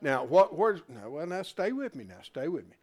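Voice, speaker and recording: This Bible class teacher is animated, repeatedly asking rhetorical questions and starting words over while thinking out loud, in a fairly high voice at a normal pace.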